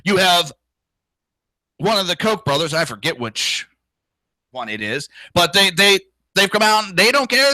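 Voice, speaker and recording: A man's voice: high-pitched, sing-song, unhurried, long pauses, pushed and bright, no room sound, rough recording. A man hosting a political talk show, ranting crudely and indignantly, with profanity and mocking impressions of others. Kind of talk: ranting solo commentary.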